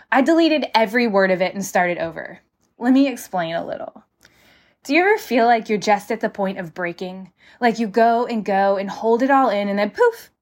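A young woman hosting a devotional podcast, reading scripture and praying in a heartfelt way. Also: a little high. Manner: heartfelt, prayerful, repeats "God" and "Father".

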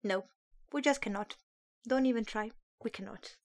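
A woman's voice: a little high, normal speed. A woman hosting a podcast in casual, self-deprecating chat, her speech a little slurred from a sore mouth. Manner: chatty, self-deprecating, animated asides. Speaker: podcast host.

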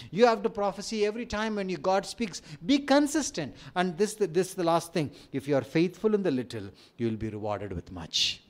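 A man's voice: high voice, big pitch swings, normal speed. A middle-aged man with an Indian accent, preaching a sermon with rising emphasis and light humorous asides. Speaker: pastor.

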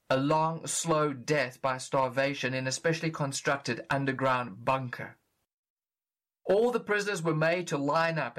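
Male preacher, fairly high voice, earnest and emphatic sermon delivery.

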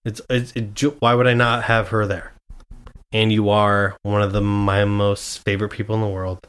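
A young man from Nebraska sits in as a guest on his own podcast. His voice sits low, and he peppers easy storytelling with curses. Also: flat delivery, normal speed, a bit bright, clean tone. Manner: swears freely, storytelling with quoted voices. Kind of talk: casual chat.

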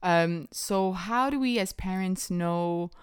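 A woman's voice: lowish voice, takes it slowly, clear, resonant tone, no echo, studio quality. A woman hosting a podcast as a parent, asking questions and thinking aloud in a casual chat.

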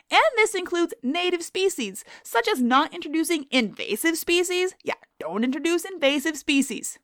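A woman hosting a scripted, comedic wildlife lesson, theatrical and profane, who spells words out loud. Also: high voice, no echo, studio quality. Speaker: science video host.

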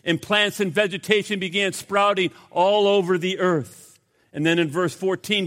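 A man preaching a sermon as pastor, swinging from loud emphasis to hushed, grave asides. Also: fairly high pitch, steady tone, measured pace. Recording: long reverb of a hall.

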